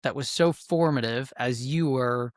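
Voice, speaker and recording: A man's voice: mid-range voice, a little slow, dry recording. Male podcast host, mid-range voice, curious and reflective, dry close-mic sound. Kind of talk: podcast interview, asking questions.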